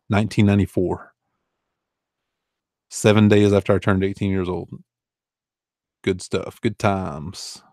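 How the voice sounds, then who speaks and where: Low, flat-voiced man in his forties. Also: no room sound, studio quality. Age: 40s. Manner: easygoing and rambling, with fillers and chuckles. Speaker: online reseller answering viewer questions. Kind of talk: casual live Q&A chat.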